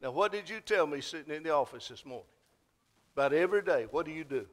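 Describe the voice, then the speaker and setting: A man delivers a church sermon. He has a high voice and swings from folksy storytelling to emphatic, repeated exhortations. He sounds like a pastor speaking from the pulpit in a sanctuary. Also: expressive, quick pace.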